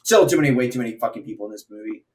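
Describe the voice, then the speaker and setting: A man in casual podcast chat about movies, halting and filler-heavy in a mid-range voice. He sits away from the microphone, so he sounds a little distant. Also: medium pitch, lively intonation, darkish tone. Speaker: podcast co-host. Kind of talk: casual film review chat.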